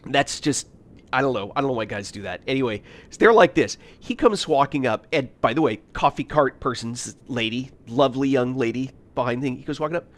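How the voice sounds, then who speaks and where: A man from the United States chatting casually on a game stream, telling stories with lots of fillers and frequent laughs. His voice sits at an ordinary pitch for a man. It swings widely in melody. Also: lively intonation, a little fast. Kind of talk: casual storytelling while gaming.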